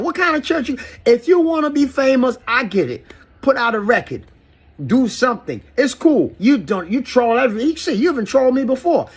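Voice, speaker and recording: Ghanaian man, middle-aged, husky and high-set, profane heated rant at critics. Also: fairly bright tone. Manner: heated, profane, preachy, mixes in local phrases. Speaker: artist addressing critics. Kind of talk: angry video rant.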